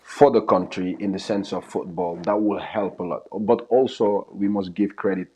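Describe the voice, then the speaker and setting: A man's voice: sits low, fairly even intonation, normal speed, warm tone, breathy edge, rough recording. A man who coaches soccer, analyzing a live match in casual talk, earnest and often repeating or restarting his phrases. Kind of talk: live match commentary chat.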